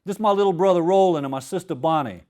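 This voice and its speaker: A man's voice: high voice, fast talker, mellow, pitched above the performer's own voice, close to an everyday voice. A man reading aloud, voicing a brash, cigarette-smoking teenage boy with a heavy Cajun accent. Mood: cocky.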